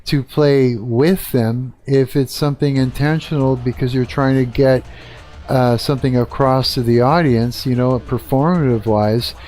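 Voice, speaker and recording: A man's voice: medium pitch, fairly even intonation, unhurried, darkish tone, faint music behind. A middle-aged man from Canada, a guitarist hosting a live stream, talking bluntly and swearing a lot in a casual rant. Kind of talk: casual ranting chat.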